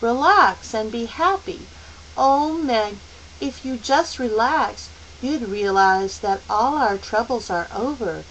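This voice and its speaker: A woman voicing a small boy who is possessed and speaks in a calm, bland, reasonable way. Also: fairly high pitch, slow pace, slight background noise, pitched above the performer's own voice, exaggerated voice, rough recording. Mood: coldly calm.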